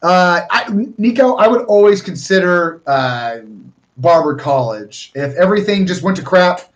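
A man's voice: high-pitched, lively intonation, measured pace, highs cut off. A young man from Northern California hosting a casual live stream, chatting loosely with viewers and often restarting his sentences. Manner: chatty, rambling, with frequent restarts.

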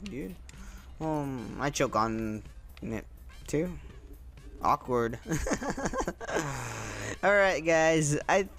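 A young man hosting his own gaming channel, giving excitable, casual commentary over his gameplay, often repeating his exclamations. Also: on the high side.

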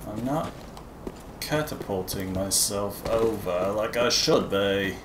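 A man narrates his own gameplay in an unhurried, casual drawl, teasing himself over every mistake. His voice sits a little low. The recording is roomy and has a steady noise underneath. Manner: self-deprecating, chatty, talking to viewers. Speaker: gaming channel host. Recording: echoey room with noise.

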